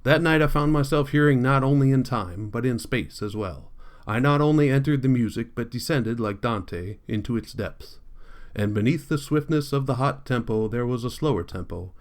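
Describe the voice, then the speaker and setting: A man narrating a literary novel for an audiobook. His pitch sits in an ordinary middle range, and he reads in a measured, deliberate way. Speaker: audiobook reader. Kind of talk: scripted narration.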